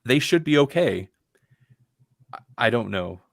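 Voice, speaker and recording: A man's voice: mid-range voice, sing-song, unhurried, vocal fry, no echo, studio quality. A man co-hosting a podcast, reviewing a film in casual, rambling chat with lots of restarts. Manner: rambling, restarts often, puts on dull voices to mock actors. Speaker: podcast co-host.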